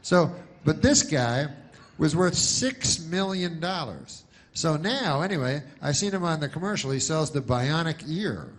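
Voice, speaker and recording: A man performing a stand-up comedy set with a dry, deadpan, rambling delivery. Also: on the high side, measured pace.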